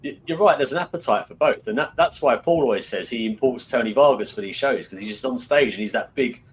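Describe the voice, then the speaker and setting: A British man, a guest on an online panel, chats casually in a rambling, hesitant way, restarting often. He has a mid-range voice, speaks fast, and there's slight background noise.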